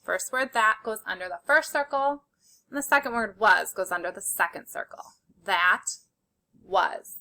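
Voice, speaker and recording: A woman's voice: mid-range voice, expressive, a little slow, bright, forceful tone. A woman teaching a spelling lesson to young children, patiently sounding out letters and praising their work. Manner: encouraging and praising.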